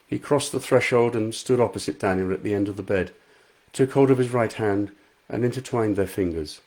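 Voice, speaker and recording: Sex: man. Role: author reading his own book. Style: live-streamed reading, chatty. Pitch: low. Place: home front room. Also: a little fast, darkish tone. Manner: chatty, laughs easily.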